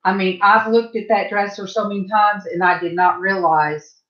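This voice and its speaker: A middle-aged woman with a Southern US accent chats casually with viewers while painting on her livestream, rambling with plenty of asides. Her medium-pitched voice holds a steady tone at a moderate pace, and the recording has its highs cut off.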